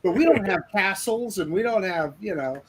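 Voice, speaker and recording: A man's voice: high voice, expressive, normal speed, over a noisy crowd. An enthusiastic, friendly man from the United States, chatting casually as a co-host. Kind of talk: casual chat.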